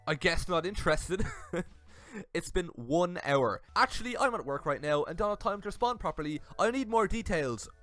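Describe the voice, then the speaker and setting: A young man giving comedic commentary on messages, animated and laughing often. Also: high-pitched, moderate pace, dry recording, soft background music. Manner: animated, laughing, switches into silly voices for messages. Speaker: YouTube commentator.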